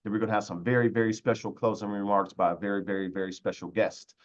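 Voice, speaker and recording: Guy hosting a webinar over video call, all hype and shout-outs, kinda muffled lo-fi sound. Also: fairly low pitch, fairly even intonation, quick pace. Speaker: webinar host.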